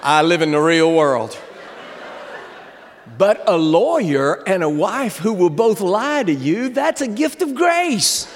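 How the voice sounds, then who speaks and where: A guest preacher in his seventies gives a humorous sermon in a high, bright, sing-song voice, taking it slowly. He times his stories for comic effect and shouts out the big lines, which ring with long reverb in a large church sanctuary amid slight background noise.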